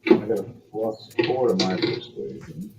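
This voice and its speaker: A man narrating as game master in a relaxed, conversational way, with quick asides to the players. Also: on the low side, creaky, highs cut off, heavy background noise.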